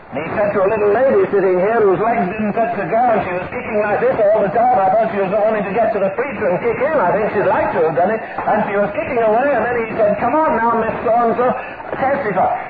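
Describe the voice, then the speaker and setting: A man's voice: high-pitched, fast, over a noisy crowd. A man preaching a sermon, telling a long anecdote and acting out the voices of the people in it. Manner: anecdotal, acts out quoted voices. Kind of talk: sermon storytelling. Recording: tinny lo-fi archive recording with loud hiss.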